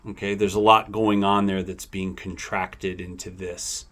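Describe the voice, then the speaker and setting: Man, lowish voice, slow and unhurried, self-correcting study walkthrough, faint hiss behind. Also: level tone, a bit bright. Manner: musing, self-correcting, thinks aloud. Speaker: language learner going over vocabulary.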